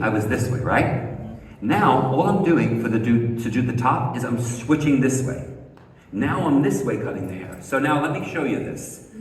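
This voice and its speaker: A man teaching a live haircut demonstration, coaching step by step, firing rhetorical questions at the class and repeating key words for emphasis. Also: medium pitch. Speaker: hair educator. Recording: echoey hall, mic far off.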